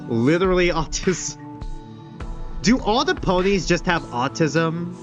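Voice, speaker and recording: A man's voice: high voice, very animated, measured pace, highs cut off, music in the background. A man casually commenting and joking while streaming a game, thinking aloud. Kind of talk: live gameplay commentary and reading. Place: outdoors, quiet.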